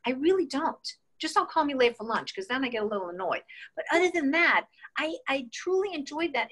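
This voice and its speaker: Bright, lively woman in her 60s. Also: high voice. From New York State. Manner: lively storyteller, acts out quoted voices. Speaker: interview guest. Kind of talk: casual interview storytelling.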